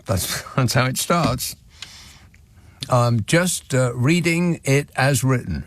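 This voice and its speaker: A radio talk show host reads out listener messages from a studio microphone, adding dry, sardonic asides. His medium-pitched voice is animated and slow, with no room sound.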